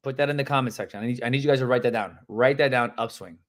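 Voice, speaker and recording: A man coaching real estate agents live, animated and emphatic, acting out phone calls and calling out viewers by name. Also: mid-range voice, rapid-fire.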